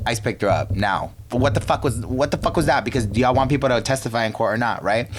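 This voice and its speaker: A man's voice: mid-range voice, big pitch swings, fast, background noise. A young man from Virginia hosting a podcast, ranting in a brash, profane, casual monologue that keeps breaking off mid-thought. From Virginia, United States. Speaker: podcast host.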